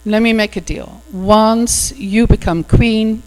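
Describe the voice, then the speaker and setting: A woman's voice: a little high, takes it slowly, darkish tone, pitched above the performer's own voice. A woman voicing a strange little man who offers sly bargains, speaking in a casual, offhand tone in an echoey hall with a mains hum. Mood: bargaining.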